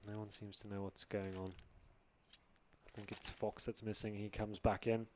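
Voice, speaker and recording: A man's voice: fairly low pitch, flat delivery, moderate pace, a little hiss or hum. A man hosting and casting a live esports match, playful and hyping it up with announcer flourishes. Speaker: esports caster and host. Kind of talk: live esports commentary and desk chat.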